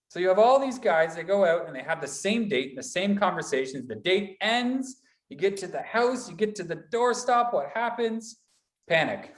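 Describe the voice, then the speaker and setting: Man, workshop presenter, motivational talk, animated swings in pitch, roomy echo. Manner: animated, builds repetitive lists. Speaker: college instructor.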